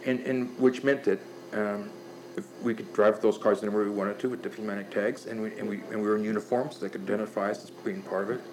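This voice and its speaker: An older man telling stories in casual talk, animated and profane, often restarting his sentences. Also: on the low side, quick pace, low-quality recording. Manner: animated, profane, laughing storyteller with many restarts. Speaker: guest storyteller.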